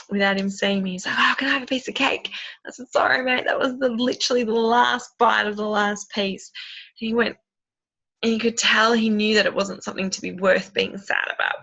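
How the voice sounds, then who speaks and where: A bright, crisp-edged woman in her thirties who talks in an enthusiastic, rambling way. Her voice has a gravelly fry. The recording is dull and lo-fi. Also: mid-range voice. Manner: chatty, enthusiastic, rambling with many ums. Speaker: essential oils seller. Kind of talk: casual tutorial chat. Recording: dull lo-fi sound.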